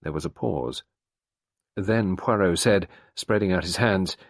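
A man narrating a novel as an audiobook reader, expressive and steady. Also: sits low, measured pace, no echo, studio quality.

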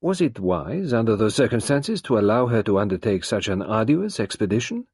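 A man voicing a courteous, fussy older male detective who speaks in a polite, measured, formal way. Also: fairly low pitch, sing-song, darkish tone, husky, no echo, clean studio sound, heavily acted.

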